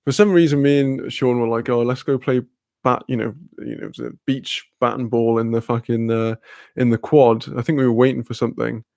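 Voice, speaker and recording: A man's voice: medium pitch, steady tone, fairly quick, creaky, darkish tone, dry recording. A young man, casually telling a rambling story with lots of fillers, laughter and swearing. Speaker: streamer.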